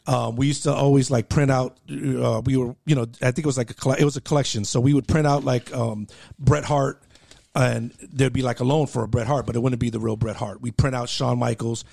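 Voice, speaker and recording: A man on a podcast telling a story in casual chat, animated and laughing, swearing often and stammering through restarts. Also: medium pitch, fairly quick, creaky, no room sound, clean studio sound.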